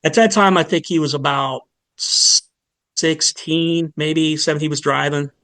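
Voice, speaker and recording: A middle-aged man, a fire lieutenant, telling his story in a candid podcast interview, earnest and halting with many pauses. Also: on the high side, fairly even intonation, a bit bright, dry recording. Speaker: fire department lieutenant, guest.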